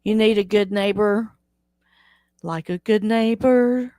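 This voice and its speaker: A woman's voice: medium pitch, slow, dark tone, no echo, studio quality. A woman hosting a casual live stream, chatting with viewers, teasing them and laughing often as she reads the chat aloud. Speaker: livestream host.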